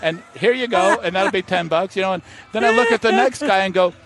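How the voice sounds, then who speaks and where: A man's voice: high-pitched, brisk. A man, a master distiller, telling stories in an interview at an outdoor festival, acting out the voices of people in his anecdotes. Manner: animated storyteller, acts out voices. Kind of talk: storytelling interview.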